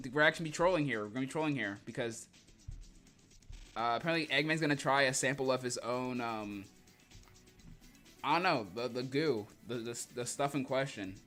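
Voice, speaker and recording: Brief: young male streamer, bright tone, faint music underneath, loose rambling jokey delivery. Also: medium pitch. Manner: rambling, joking, laughs often. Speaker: streamer reading comics. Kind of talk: casual livestream commentary.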